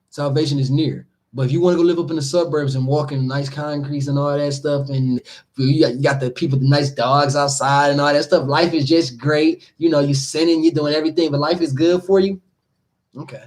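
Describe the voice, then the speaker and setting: Brief: higher-voiced man, animated scripture commentary, casual street talk. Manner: animated, laughing, acts out quoted people. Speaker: teacher leading scripture study.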